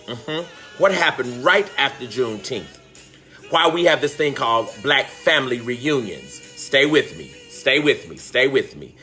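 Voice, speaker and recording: A man's voice: medium pitch, pushed and bright. A man teaching on a live stream, greeting viewers by name and calling out with fervent emotion. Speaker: teacher hosting a live online talk. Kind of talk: impassioned livestream teaching.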